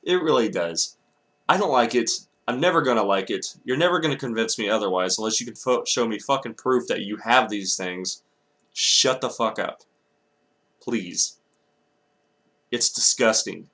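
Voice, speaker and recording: A man's voice: on the low side, expressive, moderate pace, a bit bright. A young man from Texas ranting angrily in a vlog, swearing often and breaking off to apologize. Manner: angry, profane ranting with apologetic asides. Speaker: vlogger.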